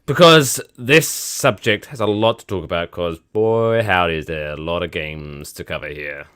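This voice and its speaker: A man co-hosting a casual sports podcast, joking and sarcastic, with swearing and quick tangents. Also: deep voice, fairly bright tone, clear, resonant tone, no echo, clean studio sound. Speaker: podcast co-host.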